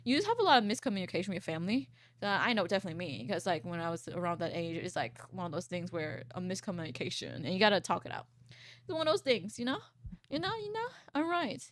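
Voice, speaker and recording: A woman in her twenties, a VTuber, chatting casually and reading posts aloud on stream, rambling and swearing, with a froggy, croaky low voice. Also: sing-song, fast talker, no echo. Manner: rambling, swears, laughs often.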